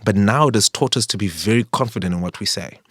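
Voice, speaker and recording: Measured middle-aged man, low voice. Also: husky, no room sound, clean studio sound. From Zimbabwe. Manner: measured, careful storytelling. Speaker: podcast co-host. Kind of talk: casual chat.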